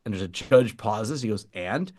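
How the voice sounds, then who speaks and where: A man co-hosting a tech podcast, telling a funny story in a casual, animated way and laughing as he goes. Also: on the low side, moderate pace. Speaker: podcast co-host.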